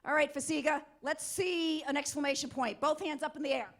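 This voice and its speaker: A middle-aged woman giving an energetic, interactive motivational talk at a conference, coaxing volunteers from the audience. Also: high voice, brisk. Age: middle-aged or older. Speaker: conference keynote speaker. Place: conference hall.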